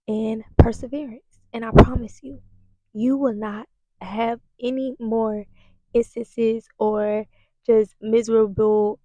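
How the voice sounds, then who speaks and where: A young woman talks straight to her viewers in a casual vlog, emphatic and a little preachy, looping back over her points. Her voice sits fairly high but sounds mellow rather than bright. The sound is close and dry, and now and then she drops into a breathy whisper. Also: no echo. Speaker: holistic nutritionist vlogger.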